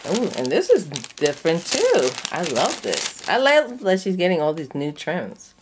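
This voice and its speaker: A woman with a lowish voice gushes over a craft kit, swinging from slow murmured coos to high delighted squeals. She drawls unhurriedly and sounds a touch sleepy. Faint noise and paper crinkling sit behind her. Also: wildly swooping pitch. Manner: effusive, breathy gasps and squeals of delight. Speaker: craft vlogger. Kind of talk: unboxing a craft kit, gushing chat.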